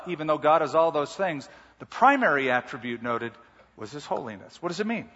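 A man's voice: fairly high pitch, very animated, fairly quick, fairly bright tone. A male pastor preaching a sermon, emphatic and repeating key words. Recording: muffled hall reverb.

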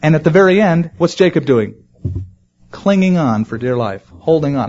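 A man preaching a sermon to his congregation, animated and acting out quoted voices. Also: a little high, moderate pace, highs cut off. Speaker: pastor.

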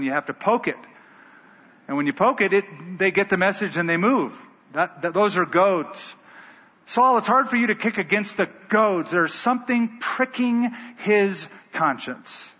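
A man's voice: on the high side, bright, forceful tone, husky. A man preaching a sermon who tells stories with emphatic delivery. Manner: storytelling, emphatic. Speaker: pastor. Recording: dull, echoey hall.

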